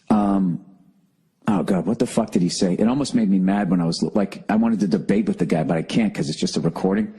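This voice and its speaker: Husky-voiced man ranting profanely. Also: on the low side, mellow, poor audio. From United States. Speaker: podcast host. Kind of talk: solo comedic rant.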